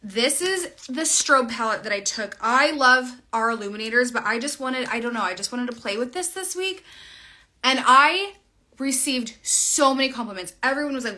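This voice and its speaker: A woman's voice: fairly high pitch, animated, normal speed, sharp tone. A young woman casually talking through her makeup routine in a chatty, rambling way, trailing off mid-sentence. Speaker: makeup vlogger.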